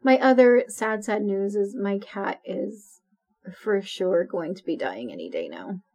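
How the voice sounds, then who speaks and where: A woman's voice: medium pitch, expressive, measured pace, a little mellow, breathy edge. A woman co-hosting a podcast, chatting casually and laughing often. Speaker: podcast co-host. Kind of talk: casual chat.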